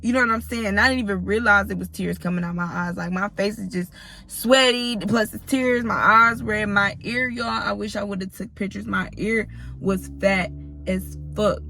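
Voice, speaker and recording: A woman's voice: medium pitch, normal speed, vocal fry, sharp tone, a little hiss or hum. A woman in her thirties telling a personal story to her viewers in a blunt, profane, casual way, often turning to address them directly. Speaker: storytime vlogger.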